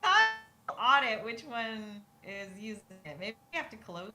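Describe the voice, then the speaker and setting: A woman's voice: fairly high pitch, very animated, a little slow, music in the background. A woman co-hosting a live coding stream in casual technical chat, thinking aloud and laughing often. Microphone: desk mic at a computer. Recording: faint noise, glitchy internet audio.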